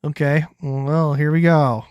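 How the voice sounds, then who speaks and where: A man's voice: a little high, level tone, unhurried, a little mellow, smooth, dry recording. A man streaming casual commentary on video clips, loose and profane, rambling through his reactions.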